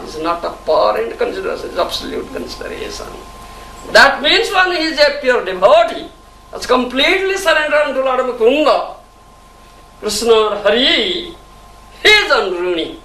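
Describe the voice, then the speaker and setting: A man's voice: high-pitched, creaky, pushed and bright. A man gives a devotional lecture, often chuckling and asking "you understand?". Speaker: spiritual teacher. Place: temple hall. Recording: echoey hall, distant mic, faint hiss.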